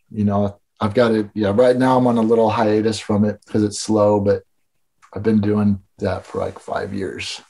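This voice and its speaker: A man's voice: on the low side, gravelly, dark tone, slightly rough. Rambling, profane man from Illinois. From Illinois, USA. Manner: rambling, profane, heavy on filler words. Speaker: podcast guest, skatepark builder. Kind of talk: casual storytelling chat.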